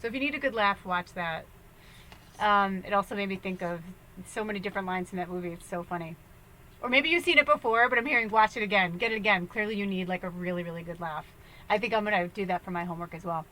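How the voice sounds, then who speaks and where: A woman's voice: mid-range voice, fast talker, sharp tone, a little hiss or hum, poor audio. A young woman talking casually as a spiritual medium, rambling and laughing as she jumps between thoughts. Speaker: spiritual medium giving a tarot reading. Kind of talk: casual spiritual guidance talk.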